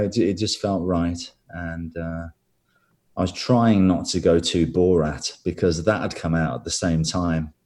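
A man with a Birmingham accent, an actor answering interview questions in a relaxed, self-deprecating way. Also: sits low. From England. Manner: relaxed, self-deprecating, laughs between thoughts. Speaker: actor, guest.

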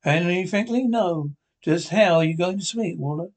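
A man's voice: high-pitched, normal speed. A man playing a doubtful middle-aged friend in a 1950s radio drama, with a skeptical, questioning manner. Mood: incredulous.

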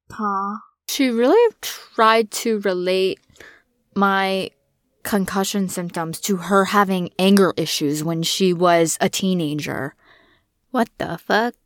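A woman's voice: lowish voice, no echo, clean studio sound. A woman in her twenties, hosting a casual solo podcast, talking candidly and bluntly with frequent swearing. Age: 20s. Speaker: podcast host.

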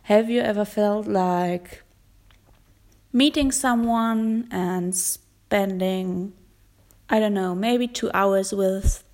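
A young woman hosts her own podcast with a noticeable German accent. She talks slowly and thoughtfully at a middle pitch, pausing often to find her words. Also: a little mellow. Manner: slow, thoughtful, pauses and hesitations. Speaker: podcast host. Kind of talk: casual solo podcast talk.

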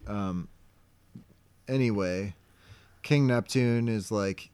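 Low-voiced laid-back man chatting. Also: normal speed, no room sound. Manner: laid-back, crude jokes, mumbly asides. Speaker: podcast co-host. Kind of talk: casual chat.

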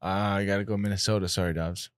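A man's voice: sits low, steady tone, racing, no room sound, studio quality. A young man co-hosting a casual sports podcast, playful and jokey. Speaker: podcast co-host.

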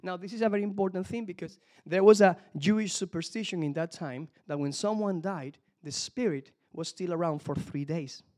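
A man preaching a sermon, telling the story with lively asides that swing from hushed to loud and emphatic. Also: high-pitched, a little fast, few pauses. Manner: lively, talks to the congregation directly with frequent asides.

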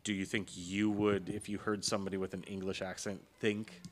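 Low-voiced laid-back Californian man. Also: little pitch movement, a little fast. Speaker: podcast host. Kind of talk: casual chat.

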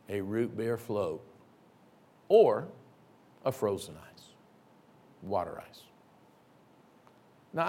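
A middle-aged man preaching a sermon, telling a story and acting out the voices in it, sometimes shouting. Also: medium pitch. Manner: animated, acts out voices and shouts in stories.

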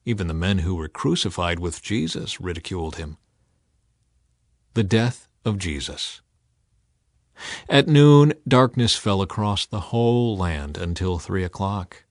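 A man's voice: low voice, expressive, unhurried, no echo, clean studio sound. A man reading a Bible passage aloud with dramatic emphasis, his voice swelling on the quoted cries. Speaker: scripture reader.

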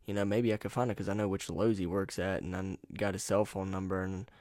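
A man from North Carolina hosting his own podcast, talking in a loose, rambling way and cursing freely. His voice sits low, and the USB mic at home gives it a close, dry sound with no room echo. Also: flat delivery, fairly quick, darkish tone. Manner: rambling, profane, laid-back. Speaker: podcast host. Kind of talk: casual solo podcast monologue. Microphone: USB microphone.

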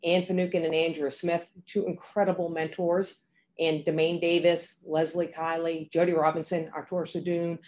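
A woman giving a grateful, measured acceptance speech as an award honoree. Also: on the low side, little pitch movement, darkish tone. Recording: dull lo-fi with faint noise.

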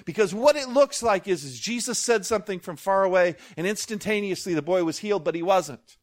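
A man preaching a sermon as pastor, animated, with jokey asides and call-outs to the congregation. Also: high-pitched, brisk.

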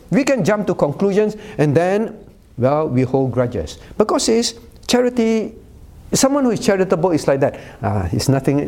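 Male pastor, Cantonese first language, animated sermon delivery, pitch moves a lot, teasing asides. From Cantonese-speaking Chinese community. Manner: animated, teasing asides with frequent "all right?" check-ins.

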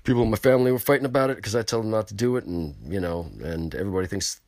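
A man's voice: lowish voice, rapid-fire, darkish tone, no echo, studio quality. A man hosting a casual chat show from California, rambling, boastful and crude as he talks to his listeners. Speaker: show host. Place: on location.

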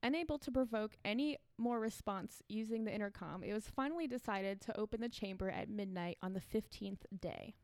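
A woman's voice: medium pitch, brisk, few pauses, a little mellow, no echo. A woman co-hosting a casual podcast, reading a creepy story aloud with fillers and frequent laughs.

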